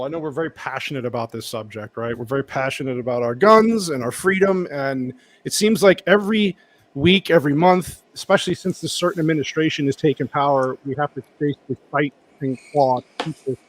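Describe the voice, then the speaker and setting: A man hosting a casual podcast over a video call, talking loosely and joking with his co-hosts. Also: a little high. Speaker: podcast host. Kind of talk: casual chat. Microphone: home mic on a video call stream.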